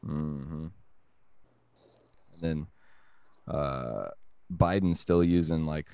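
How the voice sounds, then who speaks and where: A man's voice: rumbling low, extremely slow, gravelly, warm tone, smooth, no echo. A man co-hosting a podcast in casual comedic chat, rambling and joking with mumbled asides. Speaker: podcast co-host.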